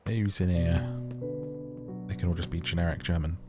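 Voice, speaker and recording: A man's voice: sits low, little pitch movement, moderate pace. A man reading a story game aloud with playful, joking asides to viewers. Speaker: gaming video creator. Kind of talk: playthrough commentary and read-aloud. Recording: game music playing behind.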